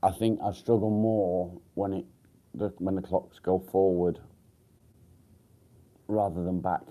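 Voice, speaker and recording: A man's voice: deep voice, level tone, slow pace, dark tone. A man hosting a casual morning live stream, still groggy and rambling with fillers and the odd swear word. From England. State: groggy, just woken up. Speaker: livestream host.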